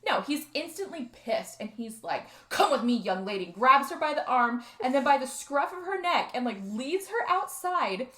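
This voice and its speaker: A woman with a slightly high voice chatting through a movie recap. She jumps into the characters' lines in quick, lively bursts. Her voice has an echoey room around it. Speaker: podcast co-host. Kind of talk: casual movie recap chat.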